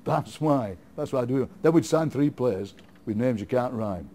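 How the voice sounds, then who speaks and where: A middle-aged Yorkshire man talks at an easy, rambling pace in a relaxed interview. His tone is mellow and dark, and he laughs readily as he spins playful ideas. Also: mid-range voice, normal speed, slight background noise. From England. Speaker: guest poet. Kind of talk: casual interview chat.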